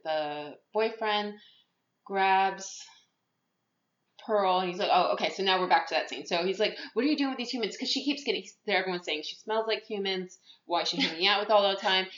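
A woman's voice: on the low side, fairly bright tone. A woman podcast host recapping a movie plot in casual chat, rambling, with many fillers and restarts. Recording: echoey room, muffled lo-fi sound.

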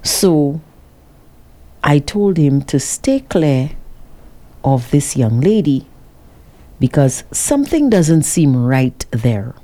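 Low-voiced woman telling a dramatic story. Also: takes it slowly, pauses often. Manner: dramatic, animated retelling. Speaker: vlogger working with a cameraman. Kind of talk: casual storytelling to viewers.

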